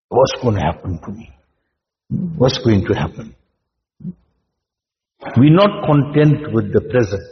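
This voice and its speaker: A man delivers an Islamic sermon in a steady, measured voice, pausing for rhetorical questions. His voice echoes with a long tail, as if recorded in a large hall. The sound is dull and lo-fi. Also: mid-range voice. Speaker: Islamic preacher.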